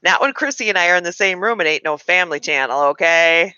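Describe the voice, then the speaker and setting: Frank woman nearing fifty, bright voice. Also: on the low side, expressive, fast talker, smooth, no echo, dull audio. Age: 40s. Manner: frank, venting, talks straight to viewers. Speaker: livestream host. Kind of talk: casual live-stream chat.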